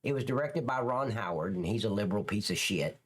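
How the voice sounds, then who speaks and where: A man's voice: lowish voice, expressive, a little fast. A man hosting a live stream, chatting loosely and crudely, answering viewers' comments as he goes. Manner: rambling, crude, reads and answers chat. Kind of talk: casual live-stream chat.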